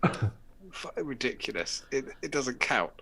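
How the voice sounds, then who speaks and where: A man's voice: medium pitch, big pitch swings, slow pace, pushed and bright, husky. A man, hosting a casual live chat show, chatty and sweary. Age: late 30s. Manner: sweary, chatty, laughs often. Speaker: host.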